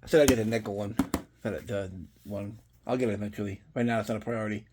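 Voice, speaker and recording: A man's voice: on the low side, steady tone, quick pace, noisy background. A middle-aged man chatting casually and rambling through a profane story as he shows off horror collectibles. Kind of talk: casual unboxing chat.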